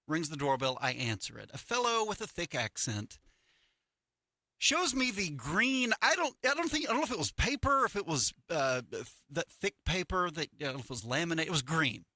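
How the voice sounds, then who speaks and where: A man's voice: a little high, a little fast, no echo. A middle-aged man co-hosting a morning radio show, telling stories in casual chat and acting out the people he quotes. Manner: animated storytelling with acted-out quotes. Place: radio studio. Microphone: studio microphone.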